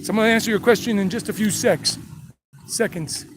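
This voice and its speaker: Chatty high-voiced man with a mixed Southern and New York accent. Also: fairly quick. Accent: mixed South Carolina and New York. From United States. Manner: chatty and rambling, reading chat messages while walking. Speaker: live-stream walking tour guide. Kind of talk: casual live-stream walking tour. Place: outdoors on city streets, traffic passing. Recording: faint street traffic noise.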